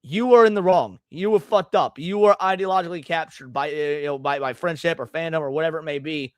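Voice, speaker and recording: A man's voice: fairly high pitch, fast talker, no echo, studio quality. A man hosting a live stream, reacting to clips with blunt, profane, emphatic rants. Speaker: streamer host.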